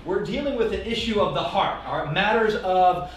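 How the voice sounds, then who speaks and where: Pastor guy preaching, pretty high voice, big echoey church sound from far off. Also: moderate pace. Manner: animated, leads call-and-response, asks the congregation to repeat lines. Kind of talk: lively sermon. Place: church hall. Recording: echoey hall, mic heard from a distance.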